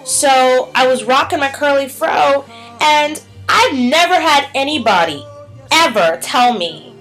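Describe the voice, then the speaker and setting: With a high, lively, slightly bright voice, a young woman and teacher speaks a little slowly in her casual vlog. Poor audio carries faint music behind her as she rambles with plenty of "like" and "um" and acts out what others told her.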